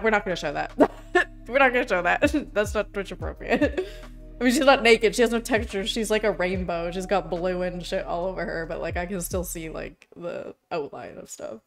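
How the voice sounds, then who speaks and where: Chatty woman streamer, low-pitched. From Canada. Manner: rambling, chatty, swears freely. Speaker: livestreamer. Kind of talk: casual livestream chat.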